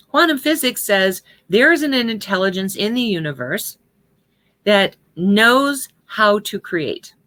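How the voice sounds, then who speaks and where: Bright-voiced woman teaching about prayer. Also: medium pitch. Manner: conversational, checks in with "right?" and "okay?". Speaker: spiritual teacher.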